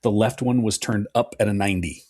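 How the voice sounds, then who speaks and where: A middle-aged man co-hosting a podcast, telling a long story in a relaxed, chatty way and swearing now and then. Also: on the low side, brisk, no room sound, studio quality. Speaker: podcast co-host. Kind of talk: casual podcast chat.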